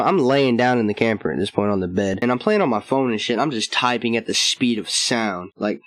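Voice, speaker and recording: A man's voice: mid-range voice, fairly bright tone, dry recording. A young man hosting a storytime vlog, rambling in slang, cursing often and laughing as he goes. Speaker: channel host.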